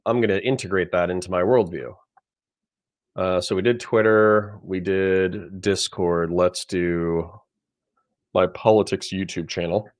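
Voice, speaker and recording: A man's voice: sits low, steady tone, unhurried. A man hosting a casual livestream, chatting in a rambling, self-deprecating way while still sleepy and yawning. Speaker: livestream host.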